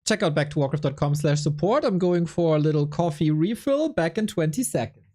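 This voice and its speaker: A woman's voice: sits low, lively intonation, a little fast, mellow. A woman casting a game stream, chatting casually in a laid-back, self-mocking way and laughing often. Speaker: esports caster.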